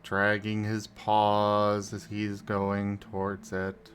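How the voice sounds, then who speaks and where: Very slow, low-voiced man narrating actions. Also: monotone, a little hiss or hum. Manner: slow, terse. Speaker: player. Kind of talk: third-person character narration in a tabletop game.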